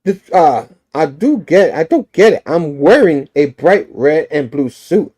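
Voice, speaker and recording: A man's voice: on the high side, lively intonation, measured pace, dark tone, slightly rough. A man voicing a wisecracking young male superhero in a joking, mock-hurt way while retelling a comic.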